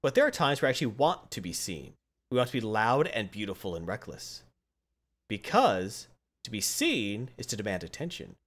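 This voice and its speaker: A man voicing a calm older mentor who teaches thievery in a quiet, measured way. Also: fairly low pitch, voice pushed down. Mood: instructive. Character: calm older male master thief, mentor.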